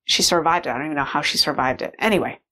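Low-voiced woman rambling through a story. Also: racing, sharp tone. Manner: rambling, heavy use of "like" fillers. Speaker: mother. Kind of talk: casual personal storytelling.

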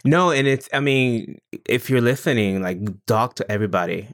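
A man's voice: mid-range voice, animated, moderate pace. Reflective man hosting an interview. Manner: warm, reflective, affirming interjections. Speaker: podcast host. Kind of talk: casual interview.

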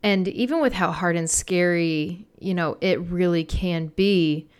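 Reflective woman co-host, lower voice. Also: a little slow, darkish tone, clear, resonant tone. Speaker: podcast co-host. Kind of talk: faith podcast chat.

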